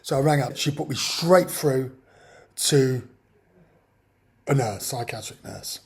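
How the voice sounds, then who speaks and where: A man's voice: mid-range voice, slow pace, breathy edge. A man telling a personal story in an exasperated, ranting way. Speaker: vlogger. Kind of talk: personal account monologue.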